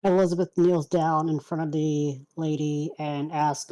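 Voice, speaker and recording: A woman's voice: deep voice, steady tone, a little slow, hardly any pauses, mellow, poor audio. A woman playing a tabletop game who politely describes what her character does. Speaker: player.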